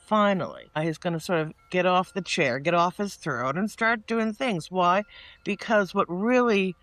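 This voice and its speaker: A tarot reader from the northeastern United States gives a casual spoken reading, chatty and meandering, full of restarts and asides. He gets animated when quoting people in mock-casual voices. His voice is high, at normal speed, with no room sound.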